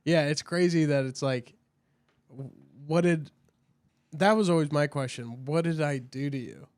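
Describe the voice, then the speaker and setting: Easygoing young man, a little high. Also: unhurried, a little mellow, no echo, clean studio sound. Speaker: podcast co-host. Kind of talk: casual chat.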